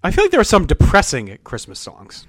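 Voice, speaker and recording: A man's voice: sits high, huge pitch swings, a little fast, dry recording. A man co-hosting a casual comedy podcast, ranting and swearing with jokey outrage. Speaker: podcast co-host.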